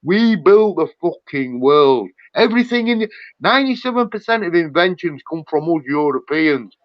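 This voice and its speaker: A man's voice: fairly high pitch, big pitch swings, normal speed, no room sound. Angry ranting man, raised voice. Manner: angry, profane, repetitive ranting. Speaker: livestream host. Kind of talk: heated livestream rant. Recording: dull lo-fi dry sound.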